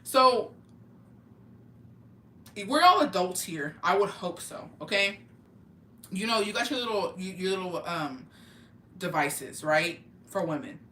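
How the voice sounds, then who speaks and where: A woman's voice: lowish voice, lively intonation, slow, pauses often, bright, forceful tone, slight background noise. A woman telling a casual storytime vlog, blunt and heavy on swearing, dropping Spanish words into her talk. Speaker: vlogger. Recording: echoey room, mic at a distance.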